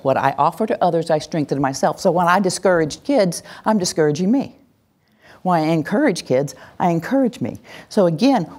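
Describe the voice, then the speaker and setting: Lady teaching a workshop group, lower voice that swoops all over, super animated. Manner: animated, acts out cheering voices. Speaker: workshop presenter. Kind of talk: interactive teaching talk. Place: room with a live group.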